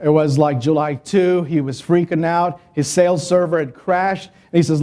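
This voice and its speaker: A man giving a conference presentation, telling customer stories in a chatty, energetic way with asides to the audience. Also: on the high side, moderate pace, hardly any pauses. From United States. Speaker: conference speaker. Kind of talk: business presentation.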